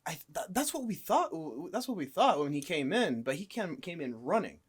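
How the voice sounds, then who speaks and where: A young man casually telling stories about his fast food job, swearing a lot and acting out the people in loud, high voices. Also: big pitch swings, slightly rough. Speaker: guest telling work stories. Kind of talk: casual storytelling chat.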